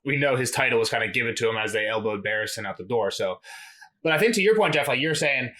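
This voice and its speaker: A man's voice: mid-range voice, lively intonation, fast talker, bright, forceful tone. A man co-hosting a podcast in casual chat, tipsy and rambling with many fillers. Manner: rambling, fillers, says he is drunk. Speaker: podcast co-host.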